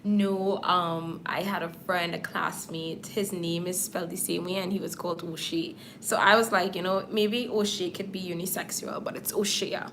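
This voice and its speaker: Woman makeup artist chatting on a live stream, gravelly voice, talking right to viewers while she does her lashes, faint noise behind. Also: lowish voice, fairly even intonation, moderate pace, few pauses, a bit bright. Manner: chatty, talks straight to viewers. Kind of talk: casual livestream chat.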